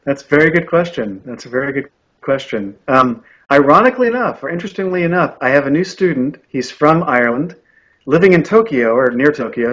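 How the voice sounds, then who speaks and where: Husky earnest man talking shop. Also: medium pitch, fairly bright tone, low-quality recording. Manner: earnest and thoughtful, with frequent restarts. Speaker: audiobook narrator and coach. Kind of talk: podcast interview answers.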